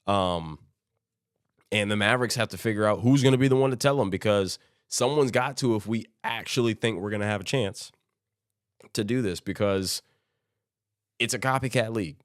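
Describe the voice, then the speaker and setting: A man's voice: fairly low pitch, normal speed, pauses often, dry recording, studio quality. A man hosting a solo sports podcast, talking casually and rambling through his points, often restarting his sentences. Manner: rambling, conversational, restarts phrases; quotes imagined teams in offhand voices. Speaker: podcast host.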